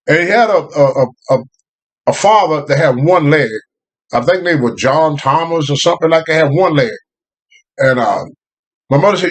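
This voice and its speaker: An older man with a drawl tells stories from his childhood in a loose, animated way, laughing as he goes. His voice sits a bit high for a man and swings widely in pitch as he acts out the people in his stories. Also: moderate pace, slightly rough. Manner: animated, laughing, Southern US phrasing. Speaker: guest storyteller. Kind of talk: casual storytelling.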